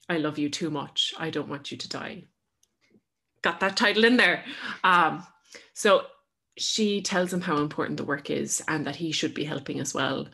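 A woman's voice: sits low, creaky, bright, forceful tone, breathy edge. A woman co-hosting a casual podcast, making up a story as she goes with lots of fillers. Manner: rambling, filler-heavy storytelling. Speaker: podcast co-host.

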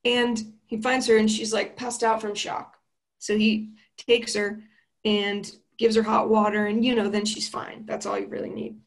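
A woman's voice: medium pitch, flat delivery, moderate pace. A young woman recapping a horror film in a chatty, slangy and playful way.

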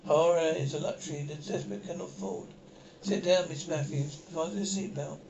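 An actor in a 1960s TV drama playing an alien man who poses as a ship's captain, speaking in a measured, grave and formal way. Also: fairly high pitch, echoey room, a loud crowd, close to an everyday voice. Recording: dull, distant 1960s TV soundtrack with faint hiss.

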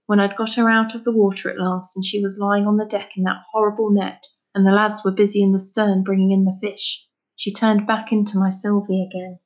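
A woman reading aloud voices a grieving middle-aged fisherman father, speaking in a heavy, halting way. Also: mid-range voice, level tone, highs cut off, lightly acted. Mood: sorrowful.

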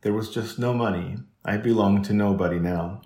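A man voicing a quiet, solemn orphan girl in a storybook reading, his voice lifted a little and kept soft. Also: on the low side, moderate pace, close to an everyday voice. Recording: roomy echo.

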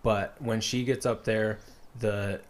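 A man's voice: fairly low pitch, little pitch movement, slow pace. A man casually retelling a story as a podcast co-host, rambling with lots of fillers.

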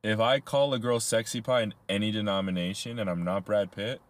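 Low-voiced young man rambling, laughing. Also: fairly even intonation, brisk. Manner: rambling, laughs often, swears casually. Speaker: podcast co-host. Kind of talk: casual chat.

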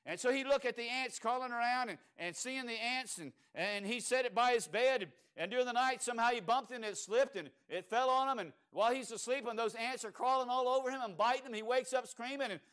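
A Cajun preacher with a notably high voice for a man. He delivers his sermon in a storytelling way, pauses on fillers and restarts, and keeps asking the congregation whether they agree. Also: fairly bright tone, smooth. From Louisiana. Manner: storytelling with rhetorical questions to the congregation and frequent fillers.

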